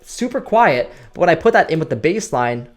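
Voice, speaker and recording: A man's voice: fairly high pitch, expressive, fast. A man giving a casual, explanatory music production tutorial at his computer, often checking in with "right?". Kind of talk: screen-recorded production tutorial.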